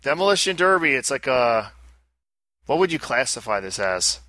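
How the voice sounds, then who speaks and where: A man hosting a casual podcast, playful and teasing, tossing in quick asides. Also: mid-range voice, sing-song, bright, forceful tone. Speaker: podcast host.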